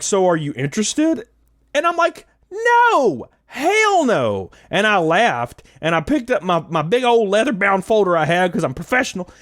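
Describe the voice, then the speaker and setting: Animated, sarcastic young man ranting. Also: high-pitched, no echo, studio quality. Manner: animated, sarcastic, swears, laughs at himself. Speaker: YouTuber telling a story. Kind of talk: casual storytelling rant.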